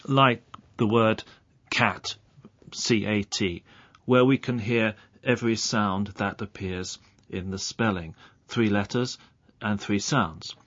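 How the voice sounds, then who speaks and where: A man explaining English pronunciation as a radio guest, speaking clearly and carefully and saying example sounds out slowly. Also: lowish voice, fairly even intonation, fairly bright tone, dry recording. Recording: dull lo-fi broadcast audio.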